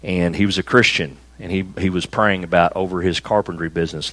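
A deep-voiced male pastor gives a conversational sermon, slowing down to lean on the phrases he wants remembered. The sound is dry and close, with no room echo. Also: flat delivery. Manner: conversational preaching, slow emphatic stresses on key phrases. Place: small church room, also streamed.

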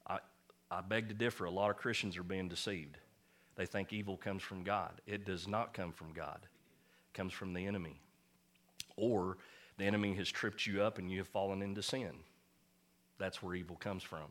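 A pastor preaching to his congregation in a low, forceful voice, hammering points home with a folksy, joking edge. He leans on repetition and plain talk. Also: fairly even intonation, moderate pace, long pauses. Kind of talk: sermon.

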